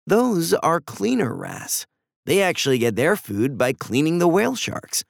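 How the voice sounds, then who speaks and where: Guy reading a patient mom, gentle and explaining, gravelly. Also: on the high side, big pitch swings, unhurried, dry recording, clean studio sound, pitched above the performer's own voice, heavily acted. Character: calm, patient mother teaching her kids. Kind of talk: storybook reading.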